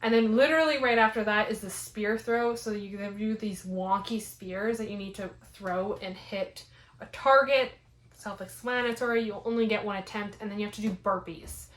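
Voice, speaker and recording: A young woman telling a rambling, animated story in a casual vlog, full of "like" fillers. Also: medium pitch, moderate pace. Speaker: fitness vlogger. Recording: roomy echo.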